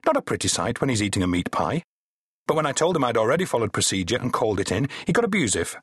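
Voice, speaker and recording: A man's voice: mid-range voice, very animated, a little fast, fairly bright tone, breathy edge, dry recording, clean studio sound, voice pushed up. A man voicing a pompous, officious male police sergeant with a sarcastic manner, in an audiobook. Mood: prim, sarcastic.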